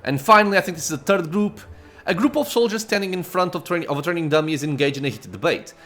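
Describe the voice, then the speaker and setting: A man hosting a let's play, reading the game's story text aloud with casual asides and quick self-corrections. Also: a little high, animated, a bit bright, soft background music.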